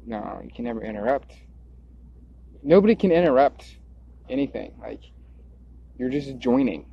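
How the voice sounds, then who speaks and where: A man's voice: mid-range voice, lively intonation, moderate pace, gravelly, slightly rough. A man rambling in a stream-of-consciousness monologue, drifting, repeating words and circling back on his thoughts. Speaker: video creator. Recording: dull lo-fi recording.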